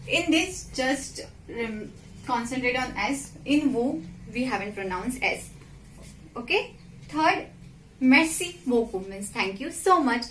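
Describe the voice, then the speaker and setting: Slow, patient woman. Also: on the high side, expressive, a bit bright. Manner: slow and patient, repeats and checks with "okay?" and "right?". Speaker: French teacher, channel host. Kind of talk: slow, simple language lesson. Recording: echoey room with faint background noise.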